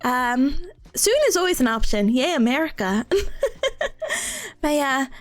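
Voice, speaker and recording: Young woman streamer, high and very animated, giggly and self-mocking, soft music underneath. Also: unhurried. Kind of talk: casual chat with live chat.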